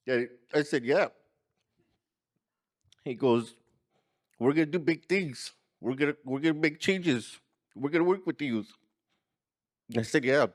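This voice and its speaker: Man, earnest storyteller, acts out others' lines, community talk. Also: medium pitch. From California. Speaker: community organizer speaker. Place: conference room.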